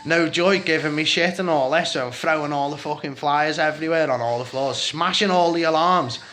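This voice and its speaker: A man's voice: on the high side, fairly quick, bright, forceful tone. A man in his forties with a Scouse accent, telling a rambling, heated story from his own life in a casual vlog, swearing freely and often. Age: 40s.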